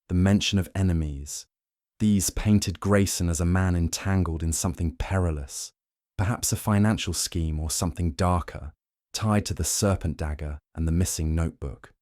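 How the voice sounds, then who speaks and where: A man tells a mystery audiobook in a very deep, low voice. His narration is steady and measured, recorded close and dry with no room sound at all. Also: no room sound. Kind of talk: scripted narration.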